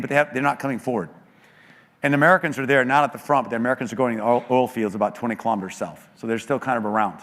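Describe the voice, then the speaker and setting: Earnest man preaching in reverberant hall. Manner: earnest storytelling, voice dropping low and quiet in grief. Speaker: guest speaker at a church. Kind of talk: sermon testimony. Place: church sanctuary.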